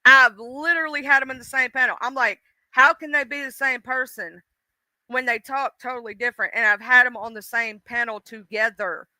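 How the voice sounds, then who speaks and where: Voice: medium pitch, fairly even intonation, moderate pace, sharp tone, dry recording. A livestream host ranting bluntly and profanely, speaking straight to the audience. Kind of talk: casual livestream rant.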